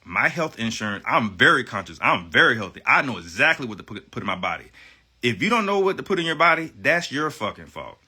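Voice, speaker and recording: Forceful, emphatic man ranting on livestream. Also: medium pitch, big pitch swings, fairly quick, slightly rough. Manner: emphatic and profane, repeats phrases for stress; defiant, self-assured. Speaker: livestream guest. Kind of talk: heated livestream rant.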